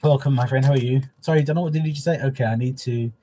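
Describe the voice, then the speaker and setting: A man's voice: medium pitch, steady tone, racing, dark tone, slight background noise. A man hosting a casual craft livestream from home, talking openly and emotionally to his viewers. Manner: openly emotional, soppy, chatty. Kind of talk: casual live-stream chat. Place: at home, in a living room.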